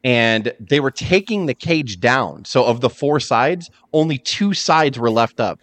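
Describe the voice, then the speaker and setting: A man's voice: medium pitch, unhurried, dry recording. A man hosting a podcast in casual chat, telling stories animatedly and acting out quotes. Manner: animated storyteller, acts out quotes. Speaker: podcast host.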